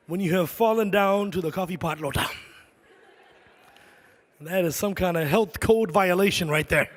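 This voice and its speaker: A middle-aged man doing a stand-up comedy set in a large concert hall, animated and shouting his punchlines. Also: high voice, normal speed, pauses often.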